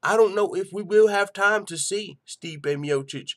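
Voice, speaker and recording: A man's voice: high voice, a little slow, fairly bright tone. A young man hosting a live MMA talk stream in a loose, slangy, profane manner, chatting casually and reading viewer comments. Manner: loose, slangy and profane, with frequent "you know what I'm saying". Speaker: host of a live MMA news show.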